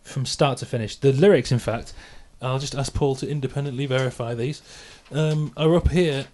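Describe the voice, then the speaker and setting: A man's voice: mid-range voice, fairly even intonation, normal speed, darkish tone. Chatty self-mocking man on a podcast. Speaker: musician and podcast host. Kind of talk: casual podcast chat.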